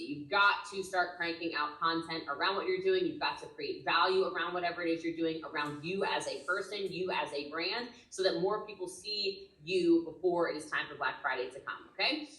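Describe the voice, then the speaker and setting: A woman's voice: on the low side, moderate pace, few pauses, pushed and bright, reverberant, far from the mic, rough recording. A woman coaching network marketers with emphatic, urgent, punchy delivery. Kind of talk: energetic webinar teaching.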